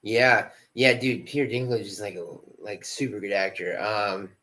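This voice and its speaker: An actor guest chatting casually on a podcast. He has a fairly low voice and a loose, slangy delivery full of casual fillers. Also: flat delivery, moderate pace, pushed and bright, low-quality recording. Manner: laid-back, slangy, many fillers like dude and stoked. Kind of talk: casual interview chat.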